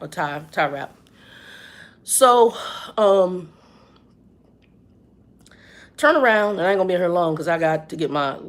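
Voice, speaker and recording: A woman, telling a story in a casual, chatty vlog. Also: fairly low pitch. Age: 50s. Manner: animated, chatty storytelling with lots of reported speech. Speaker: vlogger.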